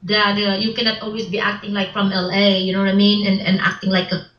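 Woman guest with a foreign accent, halting. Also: medium pitch, completely flat delivery, echoey room, dull audio. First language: not English. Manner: halting, repeats words, broken grammar, laughs often. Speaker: actress and filmmaker guest. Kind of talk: casual interview.

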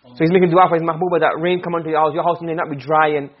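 Husky, high, fast-talking male teacher. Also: fairly even intonation. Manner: asks questions and answers them himself; chants Arabic verse quickly between English explanations. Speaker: Arabic rhetoric teacher. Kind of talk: classroom lecture. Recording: dull lo-fi recording.

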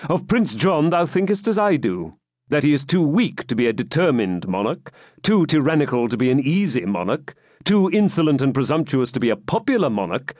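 A man voicing a calm, pleasure-loving medieval knight who speaks coolly and evenly. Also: mid-range voice, no room sound, studio quality, natural voice. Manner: calm and cool, measured.

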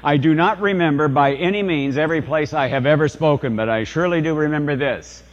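A man's voice: on the high side, brisk, in a large hall, muffled recording. An older man, a priest, preaching a sermon in a storytelling, confessional way, asking the congregation rhetorical questions.

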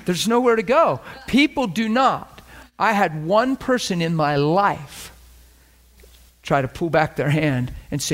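A man delivering a sermon. His voice sits a little high, and he tells stories, playing every person in them himself. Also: lively intonation, unhurried, fairly bright tone. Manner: storytelling, acting out both sides of conversations. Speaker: preacher. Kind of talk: sermon with acted-out anecdotes.

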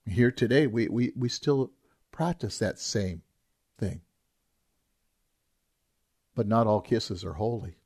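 A man's voice: fairly low pitch, takes it slowly, long pauses, darkish tone, slightly rough. A man preaching a sermon as a pastor, talking in an earnest, emphatic way and repeating key phrases.

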